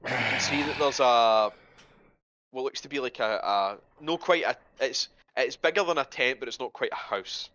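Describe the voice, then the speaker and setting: A man's voice: medium pitch, moderate pace, bright, forceful tone, no room sound. A man running a tabletop game as game master, rambling and swearing freely.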